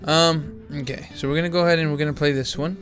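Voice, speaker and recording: A man's voice: fairly high pitch, steady tone, fast talker, music in the background. A man casually commenting on his card game as he plays, thinking aloud with frequent restarts and filler words, sounding a little tired. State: yawning, tired. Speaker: gaming channel host.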